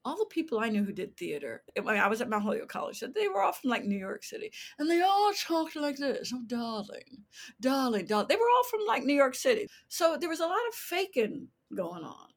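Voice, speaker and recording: A woman in her sixties from the United States, a playwright telling animated stories in an interview and acting out voices as she goes. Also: sits high, quick pace, vocal fry, hardly any pauses. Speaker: playwright guest. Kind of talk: interview storytelling.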